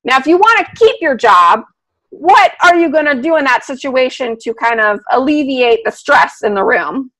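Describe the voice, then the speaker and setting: Woman dog trainer, high and bright, lively online teacher. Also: normal speed, rough recording. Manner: animated, talks through a video, asks the class questions. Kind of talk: live online lesson talking over video. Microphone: video call.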